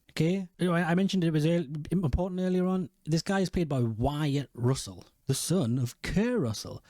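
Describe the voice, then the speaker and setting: A man's voice: mid-range voice, warm tone, dry recording, studio quality. A man recapping a TV episode in casual, rambling commentary, swearing and correcting himself as he goes. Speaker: video host.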